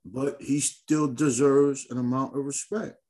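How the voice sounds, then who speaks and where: A man hosting a podcast in casual chat, talking in an animated, slangy, emphatic way. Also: mid-range voice, unhurried. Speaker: podcast host.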